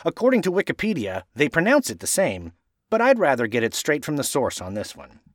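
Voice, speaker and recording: A man from Washington state hosting a podcast, reading a script playfully and spelling out place names slowly to correct how they are said. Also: on the high side, huge pitch swings, no echo, studio quality. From Washington state, USA. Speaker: podcast host.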